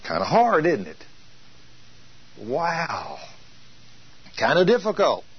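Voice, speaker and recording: A male preacher giving an emphatic sermon, drawing out scripture quotes slowly for weight. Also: fairly high pitch, wildly swooping pitch, breathy edge, lo-fi sound.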